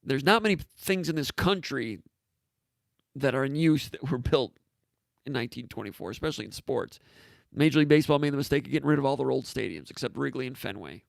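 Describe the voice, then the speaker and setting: Man, hoarse, gravelly, casual sports talk host, rambling, dry close sound. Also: medium pitch, expressive, fast talker, dry recording. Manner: rambling, offhand, with frequent fillers and asides. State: hoarse, losing his voice. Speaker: sports site publisher hosting a live show. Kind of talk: casual sports talk, reading viewer comments.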